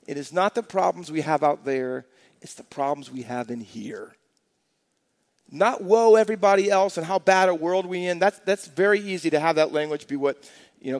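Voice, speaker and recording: A man's voice: on the high side, long reverb tail. A man preaching a sermon as a pastor, asking the congregation rhetorical questions and building emphasis.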